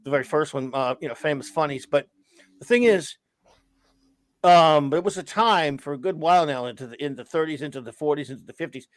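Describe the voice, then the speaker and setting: Higher-voiced man chatting about comics. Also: no room sound. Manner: enthusiastic, rambling with restarts. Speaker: podcast host. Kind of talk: casual chat about comics.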